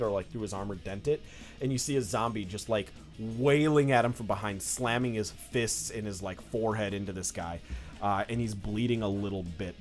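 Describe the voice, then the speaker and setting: A young man narrating as game master in a loose, casual way, with lots of fillers. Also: on the low side. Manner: loose, filler-heavy describing with many "like"s.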